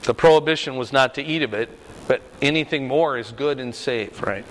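A man's voice: medium pitch, normal speed, a little hiss or hum. Man teaching a Bible study, echoey hall. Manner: conversational, frequent rhetorical "right?".

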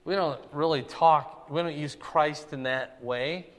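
A man with a voice a touch higher than most, leading a Bible study in a relaxed, conversational way. He keeps checking in with his listeners with little questions like "right?" and "okay?". The recording has a long reverb tail, as if it were made in a hall. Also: unhurried.

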